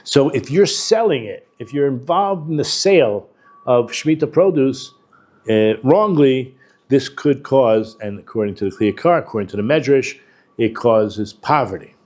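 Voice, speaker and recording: A rabbi and educator with a mid-range, slightly mellow voice gives an animated, conversational Torah lesson at a moderate pace. He works through texts using Hebrew terms and quotes, speaking informally with restarts and asides to the class.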